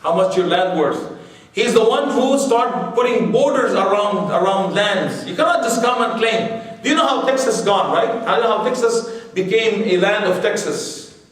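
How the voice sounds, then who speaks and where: Male lecturer with a high voice, chatty and digressive, heard from far off in a reverberant hall. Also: animated, normal speed, a bit bright. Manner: chatty and digressive, with many "you know" and rhetorical questions. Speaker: Islamic lecturer. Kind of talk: religious history lecture to an audience. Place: large room with a live audience. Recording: very echoey hall, mic far off.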